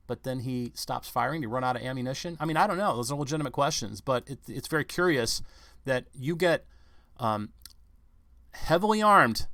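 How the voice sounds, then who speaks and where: A man's voice: mid-range voice, a bit bright, no echo, studio quality. A man giving rambling, confrontational news commentary on his own channel, firing off rhetorical questions. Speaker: vlog commentator.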